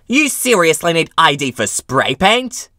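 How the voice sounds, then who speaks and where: A man's voice: on the high side, sing-song, a little slow, bright, forceful tone, no echo, clean studio sound, pitched above the performer's own voice, exaggerated voice. A man voicing a pushy, entitled middle-aged mother who argues indignantly with a cashier. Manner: indignant, demanding, screaming at times.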